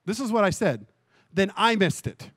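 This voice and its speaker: Male pastor, high pitch, dry close sound; lively sermon testimony, repeats phrases for emphasis. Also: moderate pace, slightly rough, dry recording.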